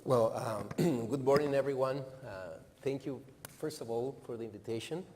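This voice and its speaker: A man's voice: mid-range voice, moderate pace, dark tone. A man from Mexico with a Mexican accent, introducing himself politely on a university panel. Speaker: panelist, center director. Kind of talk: panel discussion. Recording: reverberant hall, faint room noise.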